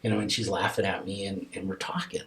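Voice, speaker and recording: A middle-aged man telling a deeply personal story as a podcast guest, halting and repeating himself as his voice rises and falls with emotion. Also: fairly even intonation, fairly bright tone, rough recording.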